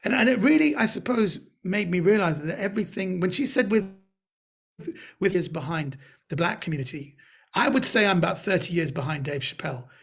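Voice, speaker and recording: A man with a London accent telling stories in a webinar interview, lively and acting out the people he quotes. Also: high voice, brisk, vocal fry, breathy edge. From Britain. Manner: animated storyteller, acts out quoted voices. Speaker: guest comedian. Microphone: video call.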